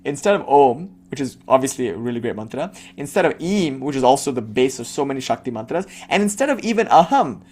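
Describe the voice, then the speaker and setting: A man's voice: medium pitch, sing-song, quick pace, hardly any pauses, darkish tone. A man giving a devotional talk as a spiritual teacher, turning into a blunt, impassioned rant that swears freely and mocks the people he imagines asking him questions.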